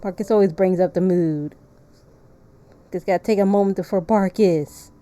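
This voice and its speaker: A woman streaming a game live, chatting playfully with her viewers, laughing often and reading the game's narration aloud in a softer voice. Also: medium pitch, normal speed.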